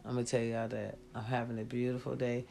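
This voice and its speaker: A sick woman vlogger lies down and talks casually to her viewers, giving blunt, preachy life advice, swearing freely, and saying "y'all" often. Her voice is bass-deep, creaky, and mellow, with flat delivery at a quick pace.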